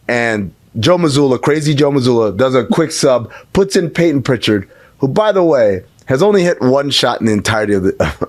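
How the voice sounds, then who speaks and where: A man's voice: medium pitch, no room sound. A man co-hosting a podcast, telling game stories in a chatty, joking way. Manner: chatty, storytelling, joking asides. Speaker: podcast co-host. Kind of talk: casual sports chat.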